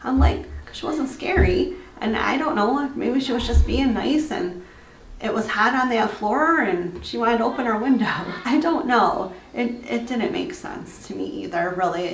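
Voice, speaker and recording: A young woman telling her own haunted hotel experience in a casual, animated way, acting out what she and her husband said and laughing now and then. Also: on the high side, roomy sound, far from the mic, slight background noise. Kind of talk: casual storytelling.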